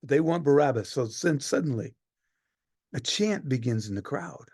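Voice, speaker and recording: A man performing a one-man play as a weary Roman centurion, telling the story in a dramatic monologue that swings from hushed to loud. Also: medium pitch, lively intonation, moderate pace, breathy edge, no echo, studio quality.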